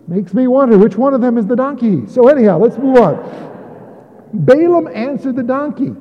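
A high-pitched man preaches in a relaxed, conversational manner and drops wry jokes between points. His voice comes through thin and phone-like, with a long reverb trailing off the walls of a big hall. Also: moderate pace. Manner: conversational with joking asides. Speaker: pastor. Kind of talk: sermon.

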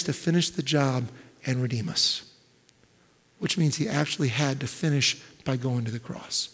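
A male pastor preaching a sermon, swinging between loud, emphatic build-ups and hushed, almost whispered lines. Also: medium pitch, normal speed, slightly rough. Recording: long reverb of a large hall.

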